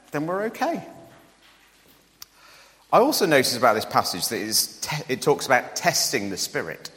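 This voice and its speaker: Preacher with a lively, swooping voice. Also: male voice, big-room sound. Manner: conversational and joking, with lively rises in pitch. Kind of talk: sermon.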